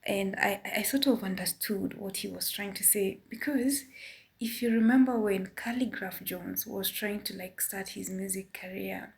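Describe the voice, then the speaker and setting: Woman, Kenyan accent, casual commentary, measured, gravelly fry. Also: mid-range voice, darkish tone. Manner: measured, careful, apologetic about her opinion. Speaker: vlogger.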